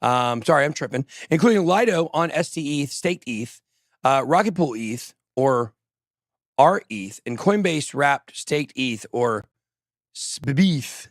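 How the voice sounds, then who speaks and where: In studio-quality audio without any echo, this crypto show host speaks in a medium pitch, animated yet unhurried. He keeps things chatty, cracking jokes at his own expense and drifting into tangents as he reads the news.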